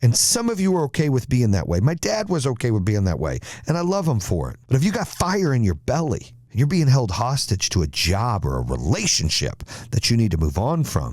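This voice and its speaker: A man's voice: medium pitch, very animated, brisk, hardly any pauses, a little mellow, no echo, clean studio sound. A male podcast host giving a motivational speech with emphatic, repetitive exhortations.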